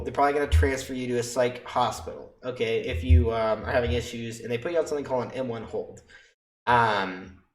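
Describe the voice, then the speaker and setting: Brief: young man streaming, loose and swearing, mid-pitched, echoey room. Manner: rambling and profane, checks in with "okay?" and "right?". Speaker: EMS worker telling stories on stream. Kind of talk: casual storytelling on a livestream.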